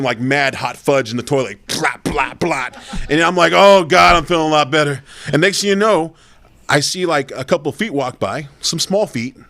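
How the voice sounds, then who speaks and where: A man's voice: medium pitch, fairly bright tone. A man telling long, loose stories in a casual podcast chat, rambling and swearing, full of fillers. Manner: rambling, profane, full of fillers and "you know".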